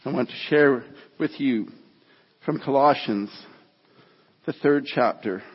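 Speaking in a slightly rough, mid-range voice, this man delivers a story-based sermon, sincere but stop-and-start as he keeps restarting, before moving into a scripture reading. The church hall recording is echoey and muffled.

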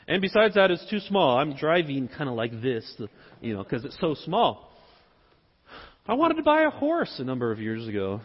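A man's voice: fairly high pitch, sing-song, normal speed, slightly rough. A middle-aged man with a Southern US accent preaching a conversational sermon and posing rhetorical questions. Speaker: pastor. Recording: echoey hall, dull sound.

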